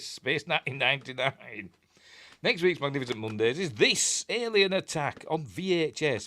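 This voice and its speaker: Chatty Yorkshire man, lively voice. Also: medium pitch. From Yorkshire, England. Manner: rambling, reads viewer comments and answers them, chuckles often. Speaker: host of a film review livestream. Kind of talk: casual live-stream chat.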